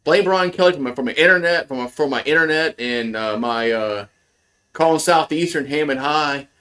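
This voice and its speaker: A man calling a football game play-by-play on a livestream as a frustrated fan, rambling with restarts and now and then swearing, his voice jumping up on big plays. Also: moderate pace. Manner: voice jumps high and loud on big plays. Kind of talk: casual play-by-play commentary.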